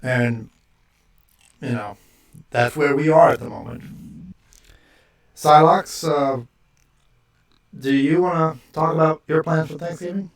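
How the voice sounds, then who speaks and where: A man co-hosting a podcast, chatting casually and teasing his co-host with excitable jokes. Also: on the high side, slow pace, pauses often. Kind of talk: casual chat. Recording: roomy, distant mic with faint music.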